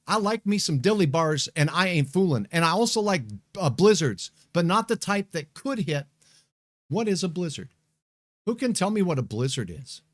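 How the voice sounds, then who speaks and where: Folksy, excitable high-voiced man. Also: normal speed. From Montana. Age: middle-aged. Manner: folksy, chatty, excitable shout-outs to viewers. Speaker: weather show host, meteorologist. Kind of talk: casual live-stream chat.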